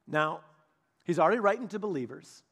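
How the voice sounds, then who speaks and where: A man pastor giving a casual, storytelling sermon, chatty and animated, speaking directly to his congregation. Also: sits high, brisk, breathy edge. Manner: chatty, animated, many restarts and asides.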